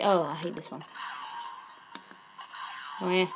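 A woman's voice: medium pitch, fairly even intonation, a little slow, slight background noise. A woman giving let's play commentary on a game, easily frustrated, blurting out exclamations and swears at the screen, then apologizing. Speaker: gaming channel host.

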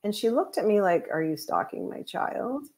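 Guest, woman, mid-pitched, chatty anecdotal delivery, casual podcast talk. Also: sing-song, moderate pace, darkish tone. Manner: chatty anecdotes with laughs and acted quotes. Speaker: guest, psychic medium. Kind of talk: casual storytelling chat.

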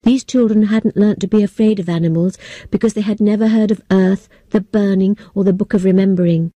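A woman narrating a story for English learners in a plain, steady, clearly paced reading. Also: medium pitch, brisk, no room sound, dull audio.

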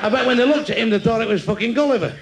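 A man with a Mancunian accent telling crude stand-up jokes in rapid-fire bursts, landing punchlines deadpan. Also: very high voice, very noisy. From England. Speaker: stand-up comedian.

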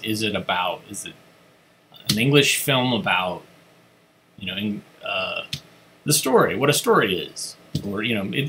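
A man's voice: medium pitch, pushed and bright. A man hosting a film club, chatting casually about a film with many restarts. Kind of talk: casual commentary.

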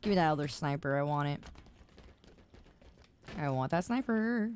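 A woman speaks at normal speed in a low-pitched, darkish voice with lively intonation, against slight background noise. Tired after staying up, she streams a game and chats casually with her viewers, laughing and exasperated, on a close desk mic.

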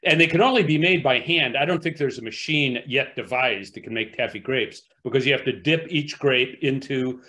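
A man co-presenting a talk, explaining things in an easygoing, relaxed way. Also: mid-range voice, moderate pace, hardly any pauses. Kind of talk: casual talk.

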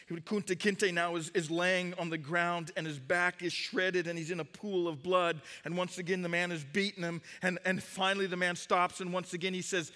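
Bright-voiced preacher in a reverberant sanctuary. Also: male voice, on the high side, steady tone, brisk. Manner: emphatic storytelling preaching. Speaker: pastor. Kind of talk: sermon.

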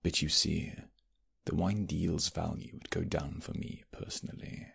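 A man's voice: low-pitched, fairly even intonation, measured pace, gravelly, fairly bright tone, breathy edge, full character voice. A man voicing a sly, smug British nobleman rival who taunts and threatens in an audio role-play.

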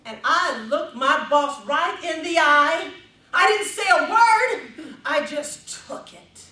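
A middle-aged woman giving a prepared contest speech on stage, telling a story expressively with dramatic pauses. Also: high-pitched, lively intonation, pushed and bright. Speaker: contest speaker. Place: stage in a large hall. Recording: roomy hall from a distance.

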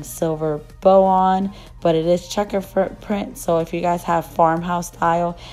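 A young woman vlogger, her voice still rough after losing it, chatting and gushing in a casual shop-with-me voice-over. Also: lowish voice, mellow. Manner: gushing, chatty, many fillers. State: rough voice, just recovering.

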